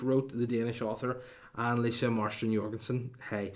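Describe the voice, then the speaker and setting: A man's voice: mid-range voice, steady tone, moderate pace, darkish tone. A man, hosting a comedy podcast in a rambling, sweary monologue with mock outrage and lots of restarts.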